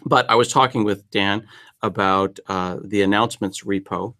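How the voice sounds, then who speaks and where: A man's voice: on the low side, steady tone, moderate pace, sharp tone. A man hosting a casual live-stream chat, joking and rambling in a self-deprecating way. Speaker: host.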